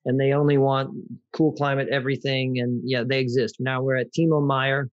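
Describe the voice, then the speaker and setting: A man's voice: mid-range voice, little pitch movement, normal speed, lo-fi sound. A man hosting a wine tasting, explaining in a conversational way and speaking directly to listeners. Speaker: host.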